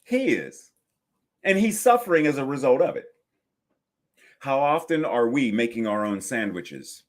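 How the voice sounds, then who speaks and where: Slow, deliberate male minister in his 50s. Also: medium pitch. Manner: slow, deliberate preaching with repetitions and pauses. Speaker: senior minister. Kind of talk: sermon.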